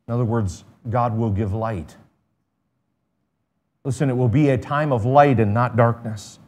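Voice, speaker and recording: A man, a pastor, giving a sermon. He reads scripture with swelling intensity, then drops into quiet, conversational asides to the congregation. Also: lowish voice, unhurried.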